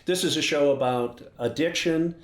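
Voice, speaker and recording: A man's voice: on the high side, normal speed, echoey room. A man with a cold co-hosting a casual talk show, with easygoing, teasing banter. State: has a cold. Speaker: co-host. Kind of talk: casual chat.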